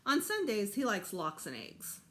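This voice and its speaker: A woman's voice: medium pitch, wildly swooping pitch, measured pace, a bit bright. A woman voicing a cheeky, teasing schoolboy in a children's storybook reading.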